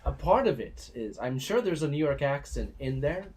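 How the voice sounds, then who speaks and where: Co-host from the US, mid-pitched, casual and joking, trips over his words. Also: sing-song, moderate pace, darkish tone, slight background noise. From United States. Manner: easygoing, joking, stammering restarts. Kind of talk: live-stream Q&A chat.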